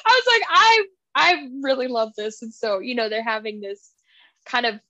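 A woman co-hosting a podcast in a casual book chat, retelling scenes with lively acted-out lines. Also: on the high side, moderate pace, no room sound, dull audio. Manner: animated, acts out characters' lines while retelling. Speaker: podcast co-host.

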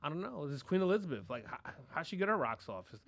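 A man's voice: on the high side, big pitch swings, quick pace, creaky. A man co-hosting a podcast, rambling through crude casual banter full of profanity and "you know what I'm saying.". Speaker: podcast co-host.

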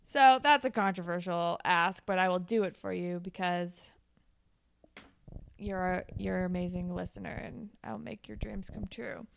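A woman's voice: fairly low pitch, moderate pace, creaky, no echo. A woman co-hosting a podcast, casually chatting and improvising a playful story with lots of filler words. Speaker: podcast co-host.

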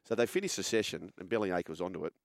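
An Australian man hosting a sports chat, telling stories in a relaxed, animated way. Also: low-pitched, quick pace, no room sound, studio quality. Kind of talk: casual chat, storytelling.

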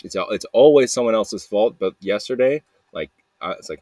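A podcaster sends a voice message, a rambling, confessional monologue in which he repeats himself, swears freely, and keeps saying "man" and "dude." His fairly low, darkish voice is expressive at a moderate pace, with no echo.

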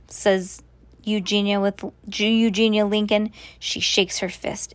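A woman's voice: mid-range voice, little pitch movement, measured pace, dry recording. A woman reading a children's chapter book aloud to a child, slipping into casual asides to explain what is happening.

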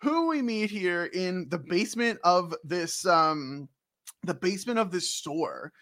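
A young man co-hosting a casual podcast, rambling and joking and laughing often. His voice is bright, with lively swings in pitch, and sits a little high. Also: a little slow. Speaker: podcast co-host recapping a game. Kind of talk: casual chat.

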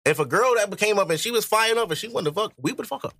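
A man's voice: sits high, lively intonation, quick pace, vocal fry, fairly bright tone, no room sound, studio quality. A man hosting a podcast, arguing his point bluntly in casual, profane chat. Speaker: podcast host.

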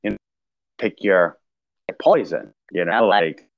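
A man with a very low, gravelly voice tells his story in a slow, halting way, full of fillers and restarts. The recording is dry and a little dull. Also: dry recording. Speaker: podcast guest sharing recovery story. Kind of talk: casual conversational storytelling.

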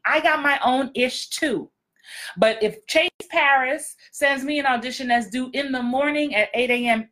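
A woman coaching actors in a casual podcast monologue, direct and blunt, hammering her points home by repeating them. Her voice sits a little high and sounds bright and forceful. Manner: emphatic, repetitive punchlines. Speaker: acting coach and podcast host.

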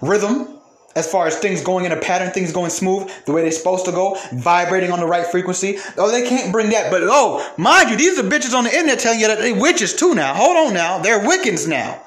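High-voiced man ranting angrily, roomy echo. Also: lively intonation, brisk, a bit bright. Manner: angry, profane, repeats for emphasis. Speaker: podcast host. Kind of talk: heated ranting monologue.

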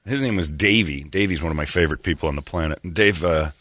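A man's voice: deep voice, fast talker, fairly bright tone, no echo, clean studio sound. A man hosting a podcast, telling rambling comedic stories with frequent laughs and asides. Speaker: podcast host. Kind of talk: casual comedic storytelling.

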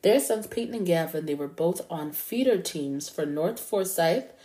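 It's 3 a.m. and a woman is hosting her true-crime podcast, telling stories in a casual, chatty way. Her slightly low voice is mellow, warm, and animated at a normal speed, and she calls listeners y'all and curses freely.

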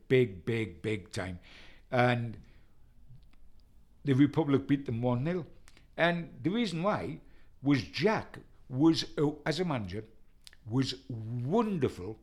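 Older man, rambling anecdotal storyteller, lively. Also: mid-range voice. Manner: rambling, animated, mimics the people he quotes. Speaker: retired football journalist telling stories.

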